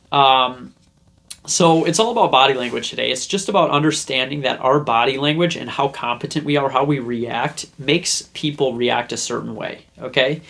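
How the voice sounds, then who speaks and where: A young man with a medium-pitched, fairly bright voice hosts a self-help video. He chats casually to the camera, rambling along and performing the scenes of his story in put-on voices.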